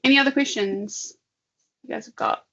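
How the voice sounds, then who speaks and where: A woman with a bright, forceful voice co-hosts a casual online session, talking her way through a live software demo and laughing often. Her audio comes through a slightly dull, lo-fi video call line. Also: high voice, moderate pace, creaky. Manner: chatty, laughs often, thinks aloud. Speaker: webinar co-host.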